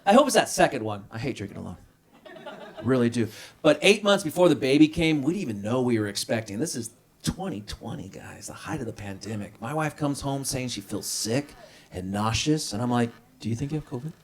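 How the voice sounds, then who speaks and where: A man in his thirties doing a stand-up set at a small restaurant comedy night, talking into a handheld mic. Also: brisk. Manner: lively, jumps into high voices for quoted people.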